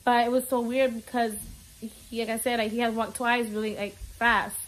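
A woman's voice: on the high side, flat delivery, normal speed. A young woman telling a frightening story on her vlog, near tears, rambling with many fillers and slipping in Spanish words. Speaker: vlogger.

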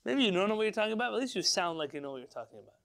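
A man teaching an informal religious class as a rabbi, lively and rhetorical, putting questions to his listeners. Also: high-pitched, very fast, vocal fry, smooth. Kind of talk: informal Torah lesson to a live class.

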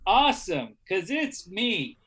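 A man riffs through an improv scene on a video call, playful and jokey. His voice is bright and swings widely in pitch, and he takes his time with each line. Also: big pitch swings, takes it slowly, husky. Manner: playful, jokey, breaks into laughs. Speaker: improv performer.

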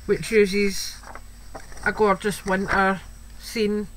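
Slow, chatty Scottish woman. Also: mid-range voice, little pitch movement, poor audio. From Scotland. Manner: chatty, gushing, many "wee"s and "um"s. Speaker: crafting video host. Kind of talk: casual show-and-tell. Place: home, a child heard in the background. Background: faint household noise.

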